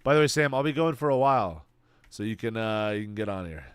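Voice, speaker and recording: A man's voice: fairly low pitch, animated, quick pace, smooth, dry recording. A man casually chatting with viewers while streaming a game, laid-back and swearing freely. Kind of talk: casual livestream chat.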